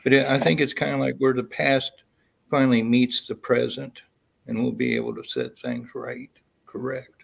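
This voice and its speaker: A man on a call speaking in a halting way, with many pauses and ums. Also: medium pitch, little pitch movement, vocal fry, husky. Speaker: call-in guest. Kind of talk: casual call-in chat.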